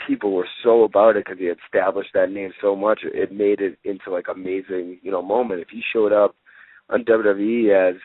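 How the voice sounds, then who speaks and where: A man's voice: on the low side, no room sound. Young man talking over a tinny phone line. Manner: rambling, lots of fillers, gets excited retelling. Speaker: guest wrestler. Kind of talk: casual interview chat.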